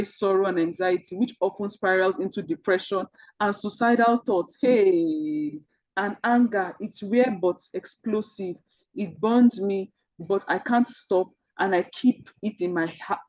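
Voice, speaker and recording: A woman's voice: mid-range voice, a little mellow, no room sound, dull audio. A woman with a Nigerian accent mentoring an online group, telling personal stories earnestly and repeating key points to drive them home. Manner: earnest, repetitive storytelling that speaks directly to listeners.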